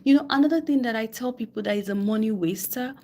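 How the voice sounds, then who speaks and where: Speaking fast in a mellow, fairly high voice, a woman gives personal finance advice on a live stream. She coaches with a West African English accent and an emphatic style. She repeats key phrases for emphasis and puts on mock voices to quote people.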